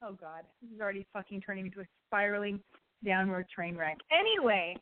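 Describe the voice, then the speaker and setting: A woman's voice: mid-range voice, expressive, fairly quick. A woman hosting a call-in podcast, brash, chatty and profane, with a slight lisp and allergy congestion. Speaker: call-in show host. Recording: tinny phone-quality sound.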